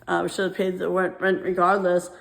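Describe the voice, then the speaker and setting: A woman's voice: lowish voice, monotone, fairly quick, gravelly. Rambling woman venting in an echoey room. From United States. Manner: rambling, repeats phrases, laughs nervously between lines. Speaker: vlogger. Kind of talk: emotional personal rant. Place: apartment at home.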